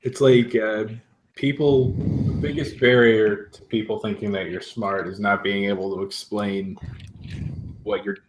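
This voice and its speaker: A man's voice: on the low side, flat delivery, unhurried. A man in casual chat, dry and matter-of-fact. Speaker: guest. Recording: clear background noise.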